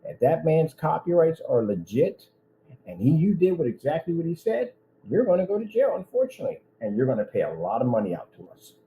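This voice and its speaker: A man's voice: on the high side, very animated, fairly quick, mellow, a little hiss or hum, poor audio. A man running his own business, ranting in a vlog with indignant threats aimed at one person. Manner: repetitive, addresses one person directly. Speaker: business owner.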